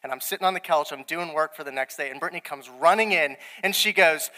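Man giving a sermon, kinda high bright voice, acts out little dialogues, echoey hall. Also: fast, hardly any pauses. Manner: storytelling, animated, quoting his wife in dialogue. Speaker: preacher.

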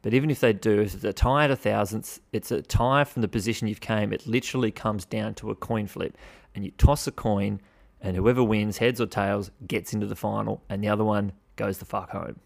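A low-voiced Australian man with some fry in his voice, talking through his gripes on a casual solo podcast. He is blunt and swears freely, with a mock-exasperated edge. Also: steady tone, brisk. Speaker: podcast host.

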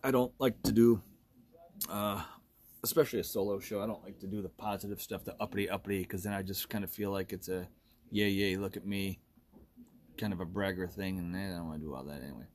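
A man's voice: sits low, steady tone, fast talker, darkish tone, slight background noise. A man in his forties hosting a solo podcast, ranting bluntly and with lots of profanity, often laughing at himself. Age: 40s. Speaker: podcast host.

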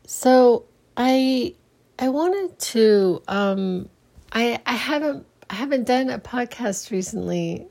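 Slow, mellow-voiced woman podcasting sleepily. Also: a little high, lively intonation, gravelly. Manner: halting, many restarts and trailing fillers. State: sleepy, late at night. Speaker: solo podcaster and small business owner. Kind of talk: casual solo podcast monologue.

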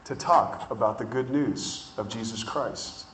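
A man preaching a sermon, telling stories in an animated way and drawing out words for emphasis. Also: medium pitch, roomy sound, background noise. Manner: animated storytelling with drawn-out emphasis.

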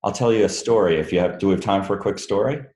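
A man's voice: sits low, very fast, a little mellow, reverberant. A man, an author, answering audience questions in a loose, rambling, self-deprecating way and laughing often. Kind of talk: casual Q&A talk. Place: room with a live audience.

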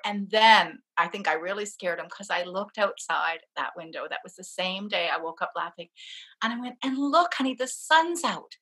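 Speaking at a normal speed with a medium-pitched voice that sounds pushed, bright and a bit rough, a woman tells a personal story as an interview guest. She's deeply emotional and laughs frequently while recounting it.

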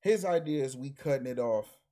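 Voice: mid-range voice, animated, normal speed, warm tone. A co-host in a casual anime chat, laid-back and arguing points in slang. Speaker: podcast co-host.

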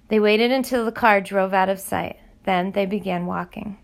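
Woman, audiobook narrator, middle pitch, gravelly fry, measured reading. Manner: steady, measured storytelling. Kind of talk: scripted narration.

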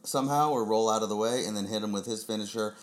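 A man's voice: fairly low pitch, fast. A man hosting a casual chat show, giving laid-back, rambling predictions. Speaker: podcast host.

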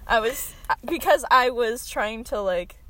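High, lively woman in casual podcast chat. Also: unhurried, background noise. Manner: rambling, laughing and swearing often. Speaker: podcast co-host.

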